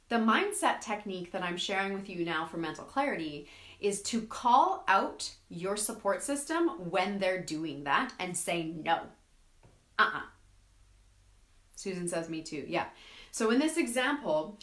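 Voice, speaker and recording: A woman hosts a live self-help stream in an animated, coaching voice. Her pitch sits mid-range and the room around her rings with echo. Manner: animated, acts out quoted friends. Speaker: host.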